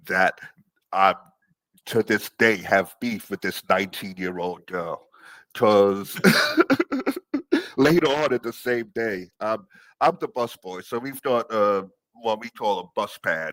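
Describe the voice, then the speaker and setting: A man's voice: low voice, fairly bright tone, dry recording. A young man calling in to tell a rambling work story, laughing often as he talks. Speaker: caller. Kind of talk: casual storytelling.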